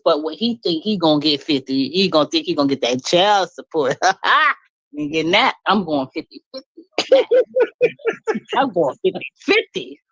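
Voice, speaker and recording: Blunt, animated woman venting on a live stream. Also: no room sound, muffled recording. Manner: blunt and animated, laughs often, swings high when indignant. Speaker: guest speaking on a live stream.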